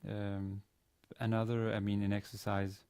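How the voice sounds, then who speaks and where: A man with a lowish, mellow voice lectures on grammar at a university, pausing often with hesitant fillers and restarting his sentences. The sound is dry and close, with almost no room echo. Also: completely flat delivery, clean tone. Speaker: Arabic teacher.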